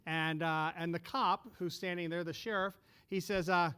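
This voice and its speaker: Man, high clear voice, animated storyteller, casual panel talk. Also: moderate pace. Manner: animated anecdote teller who acts out quotes. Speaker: panelist, former restaurant owner.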